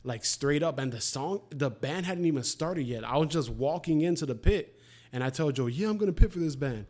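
A brisk, fairly high-pitched young man in his twenties tells crude, animated stories in casual conversation. He voices the quotes himself as he goes.

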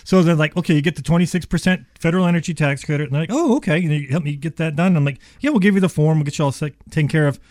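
A man, an HVAC business owner making an enthusiastic radio sales pitch full of restarts. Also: steady tone, rapid-fire, few pauses, darkish tone, no echo, studio quality.

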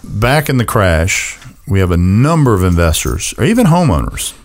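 Man, radio co-host, low voice, lively swings in pitch, jokey, laughs often. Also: moderate pace. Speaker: real estate agent and co-host. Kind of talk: casual radio chat.

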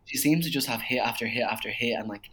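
A man's voice: medium pitch, fast talker, sharp tone. A man with a Dublin Irish accent co-hosting a podcast, chatting casually and gushing, with plenty of fillers. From Ireland. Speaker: podcast co-host. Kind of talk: casual chat.

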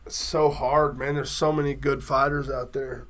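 A man's voice: mid-range voice, flat delivery, normal speed, fairly bright tone. Laid-back man saying "bro" a lot. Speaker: podcast guest. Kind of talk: casual chat.

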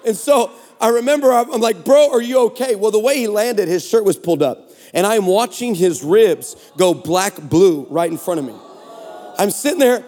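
High-voiced man preaching with jokes. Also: moderate pace. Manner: animated, sarcastic, joking. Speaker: guest preacher. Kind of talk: comedic storytelling sermon. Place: large church hall. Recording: long hall reverb.

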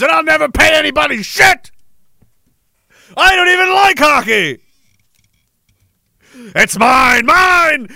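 A man doing a shouting, gloating league boss. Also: extremely high pitch, gravelly, no room sound, studio quality, voice pushed up, exaggerated voice. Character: raging greedy male sports league boss.

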